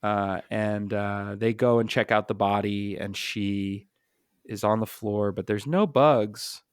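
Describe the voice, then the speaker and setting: A man's voice: lowish voice, fairly even intonation, slow, clean tone, no room sound, clean studio sound. A man co-hosting a casual comic book podcast, talking thoughtfully and hesitantly with many fillers. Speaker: podcast co-host. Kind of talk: casual chat.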